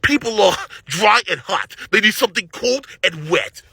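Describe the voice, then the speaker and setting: A man imitating an ignorant cartoon man who yells insults at a teenager. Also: sits high, big pitch swings, normal speed, creaky, a little hiss or hum, full character voice. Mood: yelling. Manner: barking, insulting. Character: loud ignorant man screaming at a teen.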